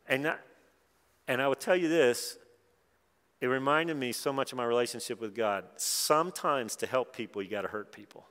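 A middle-aged man, preaching a sermon and telling personal stories, dropping quiet and then rising loud and excited. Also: fairly high pitch. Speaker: pastor. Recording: long hall reverb.

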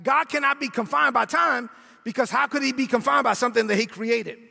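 A male pastor with a Brooklyn accent, preaching an energetic sermon full of slang, repetitions and shouted lines. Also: very high-pitched, fairly quick, vocal fry, long reverb tail. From Brooklyn, New York.

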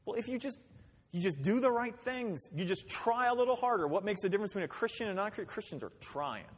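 A man's voice: high voice, lively intonation, fast, slightly rough. A man pastor preaching a sermon in a conversational way, with rhetorical questions and acted-out quotes. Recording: long hall reverb.

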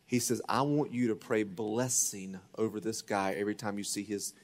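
A man preaching a sermon as pastor, telling a story and acting out the voices in it, swinging from loud to hushed. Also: lowish voice, fairly even intonation, normal speed, big-room sound. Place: church sanctuary.

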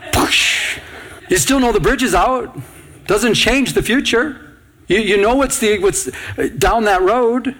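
A male pastor delivers an earnest, pressing sermon. His voice sits somewhat high, and he often breaks off and restarts his phrases as he drives his point home. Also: expressive, moderate pace, a bit bright. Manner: earnest, urgent preaching with repeated restarts.

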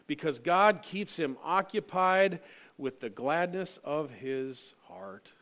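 A man's voice: fairly high pitch, animated, slow, fairly bright tone. A male pastor giving an earnest sermon, reading scripture and building to emphatic points with frequent fillers.

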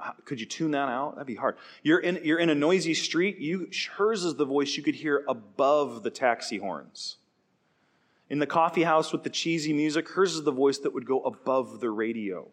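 A man in a young adult age range preaching a sermon with animated delivery, acting out quoted voices now and then. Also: medium pitch, moderate pace. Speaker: pastor.

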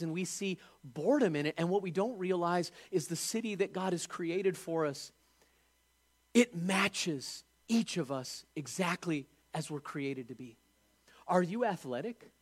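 Animated high-voiced male preacher. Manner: animated, emphatic preaching with rhetorical questions. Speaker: pastor. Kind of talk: sermon.

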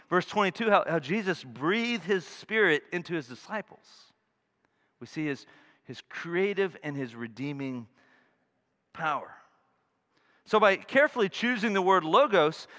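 Bright-voiced preacher man in a reverberant hall. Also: high-pitched. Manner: earnest preaching, swings between loud emphasis and quiet asides. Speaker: pastor. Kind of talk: sermon. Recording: long reverb of a large hall.

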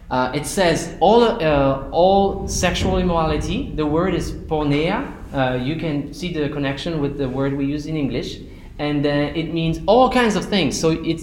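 A man's voice: a little high, a little hiss or hum. Emphatic male Bible teacher, echoey room. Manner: emphatic, repeats key phrases, asks the class questions. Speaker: Sunday school teacher. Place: church classroom.

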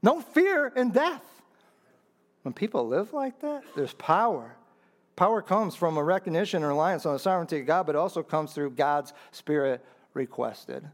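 Preaching at a moderate pace, this animated pastor swings from quiet, heartfelt asides up to loud, high-pitched climaxes. He leans on repetition for emphasis and addresses the congregation directly.

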